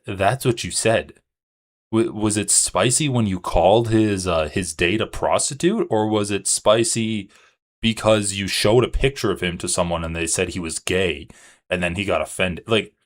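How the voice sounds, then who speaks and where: Man, low voice, sarcastic, incredulous, swears a lot, live stream reaction. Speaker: streamer reacting to a podcast clip. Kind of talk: casual live-stream commentary.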